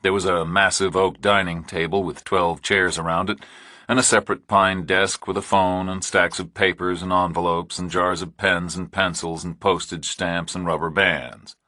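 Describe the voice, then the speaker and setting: A man reading a thriller audiobook in a measured, deliberate narration. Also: sits low, little pitch movement, sharp tone, no room sound, studio quality. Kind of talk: scripted narration.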